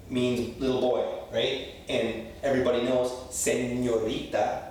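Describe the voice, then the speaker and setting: A man's voice: medium pitch, little pitch movement, measured pace, hardly any pauses, darkish tone, distant mic, a little hiss or hum. Blunt, swearing man teaching in an echoey room. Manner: blunt and profane, repeats "okay?" often. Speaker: Spanish teacher. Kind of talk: casual language lesson. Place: room in Lima, Peru.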